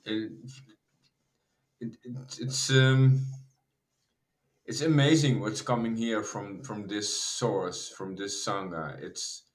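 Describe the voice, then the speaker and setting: A man's voice: fairly low pitch, slow pace, long pauses, rough recording. A man sharing his impressions in a group, with stammering restarts. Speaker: group member.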